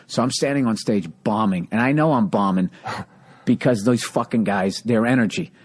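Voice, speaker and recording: A man hosting a podcast, telling profane, animated stand-up stories in casual chat. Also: on the low side, normal speed, husky. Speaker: podcast host, stand-up comedian.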